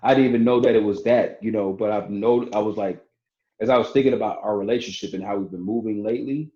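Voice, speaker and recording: A man's voice: lowish voice, fairly even intonation, fast talker, dark tone. Man, podcast guest, casual rambling delivery, echoey room, dull sound. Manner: loose and conversational, full of fillers and restarts. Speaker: guest, barber and entrepreneur. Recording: roomy, slightly dull podcast audio.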